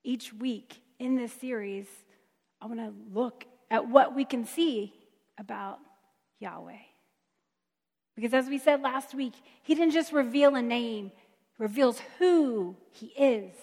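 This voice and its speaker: A woman delivers a sermon with a higher-pitched voice and an emphatic, conversational style. A long reverb trails her words, as in a large hall or church. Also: a little mellow. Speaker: preacher.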